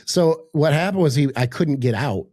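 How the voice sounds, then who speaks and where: A man's voice: on the high side, lively intonation, moderate pace, a little mellow, no room sound. An older man, a podcast guest, telling a story in casual chat, acting out quotes, laughing often and swearing, speaking over a video call from his home office. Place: home office in a high-rise.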